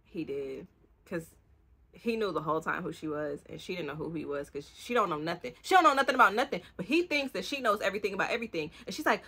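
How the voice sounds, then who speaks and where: Young woman, bright voice, rambling book chat, cusses a lot. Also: fairly low pitch, breathy edge. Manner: animated, swearing, acts out the characters' lines in quick bursts. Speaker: book vlogger. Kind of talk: rambling casual book review.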